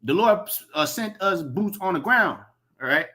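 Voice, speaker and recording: A man's voice: high-pitched, expressive, measured pace, sharp tone. A man giving a profane, emphatic preaching commentary, repeating himself and reading scripture aloud. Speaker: religious commentator.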